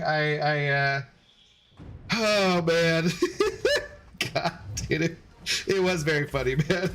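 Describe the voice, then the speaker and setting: A man's voice: high voice, fairly bright tone. A man chatting casually on a gaming livestream, laughing often, swearing loosely and thanking viewers by name. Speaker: streamer.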